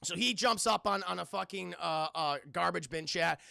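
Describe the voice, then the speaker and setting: A man streaming a casual scene-by-scene film recap to his live chat, animated and profane, acting out the characters' lines as he goes. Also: sits high, moderate pace, creaky, no room sound, clean studio sound.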